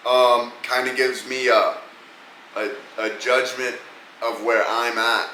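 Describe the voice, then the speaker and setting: A man's voice: medium pitch, flat delivery, slow pace, pushed and bright, slight background noise. A man hosting a podcast, giving casual, profane, rambling picks on upcoming fights. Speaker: podcast host. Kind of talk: casual fight-pick commentary. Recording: echoey room with faint ambience.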